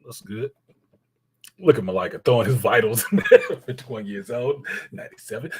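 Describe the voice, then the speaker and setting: A husky man hosts a casual live stream, his pitch bouncing up and down as he talks. He jokes around, swears freely and reads viewers' chat messages aloud. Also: expressive, normal speed, low-quality recording. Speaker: livestream host.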